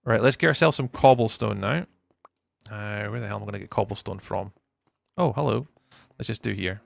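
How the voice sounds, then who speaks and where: A man livestreaming a game, casually reading his chat aloud and chatting back, with sudden excited bursts. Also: fairly low pitch, brisk, creaky, no echo.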